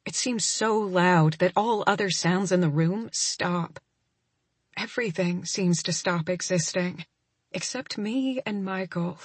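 A woman's voice: lowish voice, slow pace, breathy edge, no echo. A woman narrating a first-person romance audiobook in an intimate, emotional reading.

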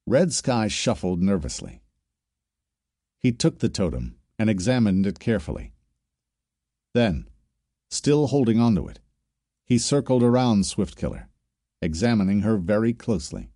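In clean, dry studio audio, a man with a voice on the low side narrates an audiobook story. The scripted reading is measured and even.

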